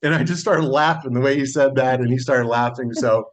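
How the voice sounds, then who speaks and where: A middle-aged man, a solar sales consultant, telling a relaxed story in a podcast interview and acting out the dialogue. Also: medium pitch, brisk. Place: Las Vegas.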